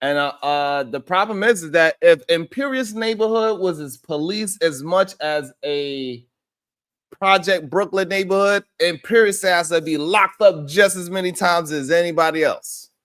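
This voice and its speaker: Guy hosting a live stream, slightly high voice, shouting out chat names, rambling and repeating himself. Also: unhurried, clean tone. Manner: greets chat viewers by name and argues his point loosely. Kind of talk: casual live stream commentary.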